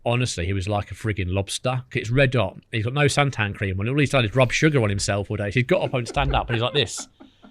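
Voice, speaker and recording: Fast-talking cheeky angler. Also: male voice, medium pitch, no echo. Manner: cheeky, rapid anecdotes full of mimicry. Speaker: podcast guest, angler. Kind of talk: casual storytelling.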